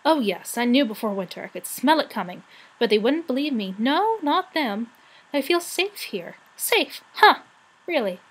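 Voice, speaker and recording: A woman's voice: sits high, big pitch swings, normal speed, slightly rough, full character voice, low-quality recording. A woman voicing a fussy, peevish little female rat who grumbles and hisses crossly.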